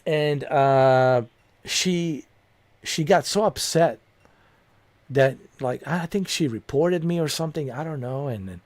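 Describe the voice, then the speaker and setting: A man's voice: fairly high pitch, slow, a little mellow, no echo. Chatty gamer guy spinning a rambling story. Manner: loose and chatty, full of "man", "dude" and "you know"; amused, laughs at his own story. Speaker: gaming streamer.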